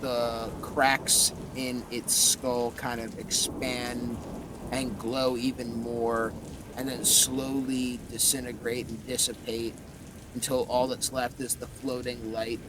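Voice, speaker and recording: A man narrating a tabletop role-playing game as game master, in slow, vivid, descriptive narration. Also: mid-range voice, flat delivery, noisy background.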